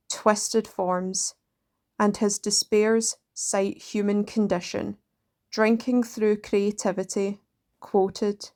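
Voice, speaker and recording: Woman reading poems really slowly, even middle voice, lots of pauses between lines. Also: mid-range voice. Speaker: poetry reader.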